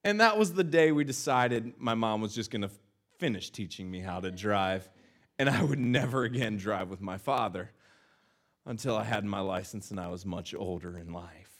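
A pastor speaking at normal speed in a lowish voice shares a story that pokes fun at himself. He delivers it animatedly from the church pulpit, performing each line.

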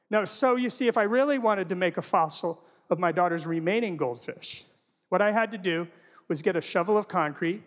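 A middle-aged man giving a humorous teaching presentation to a live audience, full of rhetorical questions and jokey asides. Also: high-pitched. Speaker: Christian apologetics speaker. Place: large hall before a live audience. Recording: long reverb of a large hall.

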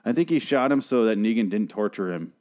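A man's voice: fairly low pitch, expressive, fairly quick, darkish tone. A man hosting a solo TV review show, recapping an episode in a rambling, profane, self-correcting way. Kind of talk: casual solo recap podcast.

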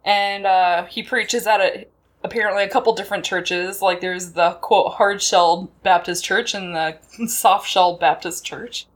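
A woman co-hosting a podcast, recapping a film in casual chat and acting out lines in quick voices. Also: mid-range voice, fairly even intonation. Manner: chatty, laughs often, acts out quotes in voices.

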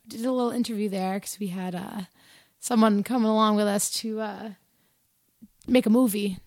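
A woman's voice: medium pitch, moderate pace, dry recording, clean studio sound. A woman musician, a guest on a talk show, telling a road story casually, swearing freely and acting out what people said. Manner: animated, swears freely, acts out quotes.

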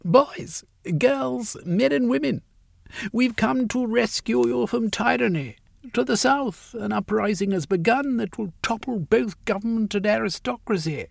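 A woman's voice: fairly high pitch, a little slow, gravelly, no room sound, studio quality, voice pushed up, heavily acted. A man reading a story aloud and voicing a ruthless young woman revolutionary in a raised, clipped, commanding voice. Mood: rousing.

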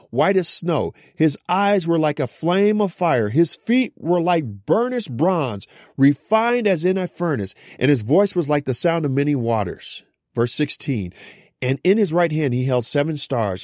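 A middle-aged man preaching a Bible teaching, reading scripture slowly and then explaining it with personal stories. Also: a little high, dry recording, clean studio sound.

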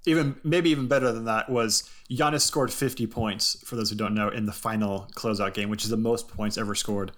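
A man's voice: fairly low pitch, fairly even intonation, brisk, few pauses, fairly bright tone. A man hosting a casual podcast chat, telling a long story in a rambling way with lots of ums and frequent laughs. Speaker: podcast host.

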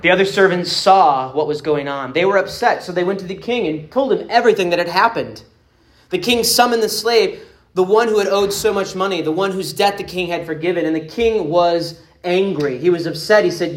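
A man preaching a sermon, retelling a parable in an earnest, emphatic way with dramatic pauses. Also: a little high. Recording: roomy echoing space.

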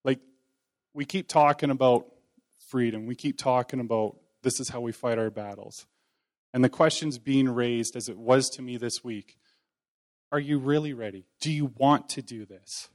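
Man, lay preacher, informal sermon, conversational, folksy, self-deprecating, mid-pitched. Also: normal speed.

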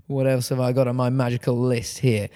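A man's voice: medium pitch, little pitch movement, warm tone. Enthusiastic male podcast host. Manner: enthusiastic, heaps praise, quick reactions. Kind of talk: casual interview chat.

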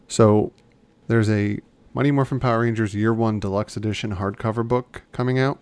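A man's voice: on the low side, fairly even intonation, normal speed, darkish tone, clear, resonant tone. A man co-hosting a podcast in casual chat, rambling and often restarting his sentences. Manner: chatty, rambling, self-correcting. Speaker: podcast co-host.

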